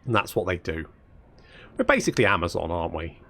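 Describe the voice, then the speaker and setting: A man's voice: deep voice, sing-song, fast, fairly bright tone. A man giving casual, sarcastic let's-play commentary, thinking aloud and swearing freely. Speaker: gaming channel host.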